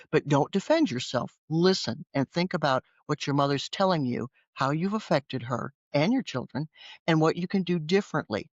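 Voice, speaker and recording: A woman's voice: sits low, moderate pace, no room sound, dull audio. A woman guest author telling stories animatedly in a conversational interview, often acting out what people said. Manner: animated, acts out voices in her anecdotes. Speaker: guest author and former teacher.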